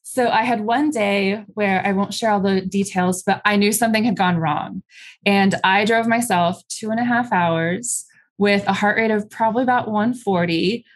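A woman's voice: medium pitch, normal speed. A woman guest in an interview, candidly and plainly recounting a personal experience, with frequent ums. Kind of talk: personal storytelling.

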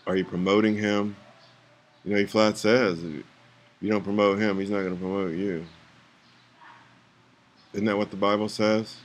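A man's voice: fairly low pitch, little pitch movement, normal speed, long pauses. A man in a frustrated, preachy rant to his viewers, firing rhetorical questions and urging them to act. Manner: trails off into mutters, then rises to urgent pleas. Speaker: vlogger.

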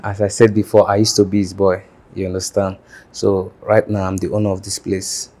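A man's voice: low voice, flat delivery, fairly quick, darkish tone. An actor with a Nigerian accent playing a smug young man who now owns the bar. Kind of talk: film drama acting.

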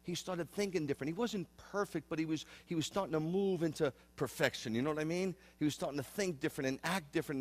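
A man's voice: a little high, fast talker, few pauses. A man in his fifties, a rabbi, preaching a conversational sermon in an earnest way, often repeating and restarting phrases. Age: 50s.

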